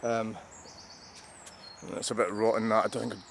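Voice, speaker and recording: A man's voice: on the low side, flat delivery, moderate pace, creaky, a little hiss or hum. Rambling older Scottish man musing outdoors. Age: 60s. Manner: musing, meandering, wry self-mocking asides. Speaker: vlogger. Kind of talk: rambling, reflective monologue.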